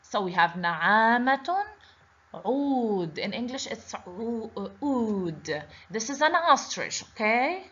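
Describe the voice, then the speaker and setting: A woman's voice: a little high, very animated, takes it slowly, a bit bright, slightly rough. A woman teaching a children's lesson on letters, patiently repeating each word and asking the class questions. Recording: dull lo-fi recording.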